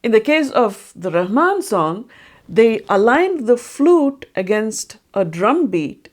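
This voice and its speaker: A woman's voice: on the high side, big pitch swings, slow. A woman narrating an educational video on music and breaking down how melodies are recognized. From India. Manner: explanatory, sings short sung examples. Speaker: music explainer.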